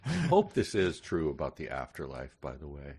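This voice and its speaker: A man's voice: rumbling low, big pitch swings, normal speed, a little mellow, breathy edge. A man co-hosting a book podcast, joking wryly and sarcastically about what puzzles him. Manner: wry, sarcastic, puzzled asides. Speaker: podcast co-host. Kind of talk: casual book discussion.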